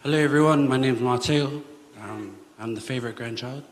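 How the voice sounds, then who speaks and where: A man's voice: medium pitch, brisk. A young man giving a hesitant funeral eulogy for his grandmother in a large church, holding back tears. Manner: emotional, hesitant, many ums. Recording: church with long reverb, faint ambience.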